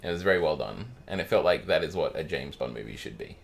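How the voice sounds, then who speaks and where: A man with a very low, gravelly voice co-hosting a casual podcast. He tells stories with lively swings in pitch and laughs often. The talk stays loose and conversational. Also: fast talker. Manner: chatty storyteller, laughs often. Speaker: podcast co-host. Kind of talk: casual chat.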